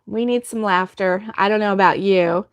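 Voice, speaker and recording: A woman's voice: medium pitch, moderate pace, smooth, no room sound. A woman hosting a crochet livestream, telling a story in casual chat and laughing often.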